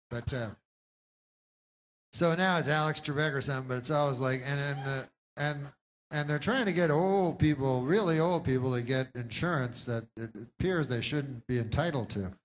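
A man performing a rambling stand-up set, halting and deadpan, with lots of restarts, in a live bootleg recording. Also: medium pitch. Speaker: stand-up comedian.

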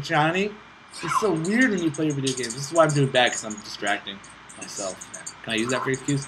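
A man's voice: mid-range voice, fairly quick, noisy background. A man hosting his own gaming channel, giving casual commentary as he plays and calls out to teammates, swinging between self-mocking jokes and frustrated outbursts. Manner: excitable, talks to himself and teammates, bursts of frustration.

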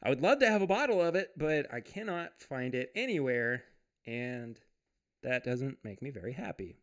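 A man hosting a casual livestream from home. He reads viewer comments aloud, chats loosely, laughs often and restarts his sentences. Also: mid-range voice. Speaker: podcast host.

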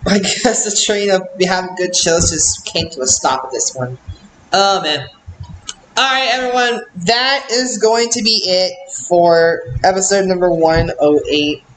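A man's voice: sits high, a little slow, fairly bright tone, slight background noise. A young man hosting a reaction channel, ranting bluntly and repeating himself in exasperation. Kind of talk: casual reaction rant. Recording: echoey room with faint ambience.

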